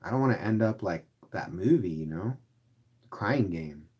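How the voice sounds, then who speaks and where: A man's voice: fairly low pitch, animated, normal speed, darkish tone, a little hiss or hum. A man who drives for ride-share, chatting casually and rambling, filling his talk with "like" as he answers viewers. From Los Angeles area. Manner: rambling, heavy use of "like". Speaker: rideshare driver vlogger.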